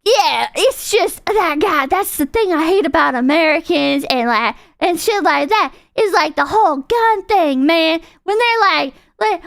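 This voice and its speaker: A high, bouncy woman's voice ranges widely as she rambles through tangents on her stream. She curses freely and laughs often. The recording is dry and close. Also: animated, unhurried, few pauses, fairly bright tone, no room sound. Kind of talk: casual reaction chat.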